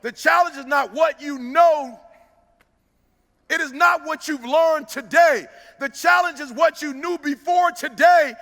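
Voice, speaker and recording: A middle-aged man giving a preacher-like motivational speech in a large hall. He pushes key lines with emphasis, shouting some and drawing others out in a sing-song cadence. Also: very high voice, measured pace. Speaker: motivational speaker. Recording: long reverb of a large hall.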